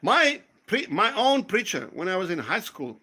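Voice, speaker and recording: A man from South Africa chatting casually, telling lively stories, acting out quoted voices and swearing freely. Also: high voice, normal speed, husky. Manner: animated storyteller, acts out quoted voices, swears. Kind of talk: casual storytelling chat.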